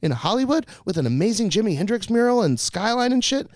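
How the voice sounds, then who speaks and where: Animated, cussing man telling stories. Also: high-pitched, fast, no room sound. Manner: animated, swearing, mimics people in quotes. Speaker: podcast co-host. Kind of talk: casual storytelling chat.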